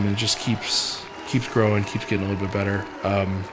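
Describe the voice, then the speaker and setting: A young adult man, a strongman athlete, recapping a competition in an emotional vlog, speaking haltingly with many fillers and restarts, choked up and near tears. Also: on the low side, little pitch movement, crowd noise, background noise.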